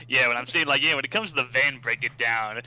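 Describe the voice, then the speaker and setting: A man's voice: mid-range voice, fairly quick, pushed and bright, rough recording. A man co-hosting a podcast, chatting casually and laughing often as he talks. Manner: laughs often between words. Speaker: podcast co-host. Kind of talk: casual chat.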